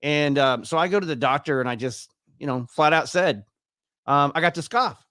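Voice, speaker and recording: A man's voice: medium pitch, moderate pace, a bit bright, clean tone, no room sound, clean studio sound. A man in his fifties telling his own story as an interview guest, chatty and acting out the dialogue he quotes. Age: 50s. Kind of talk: casual personal storytelling.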